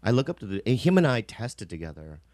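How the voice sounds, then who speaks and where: A man's voice: on the low side, quick pace, no room sound. Comedian guy rambling thru a story, keeps asking right?, dry close sound. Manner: animated, acts out voices in his stories. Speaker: comedian and actor. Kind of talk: casual chat.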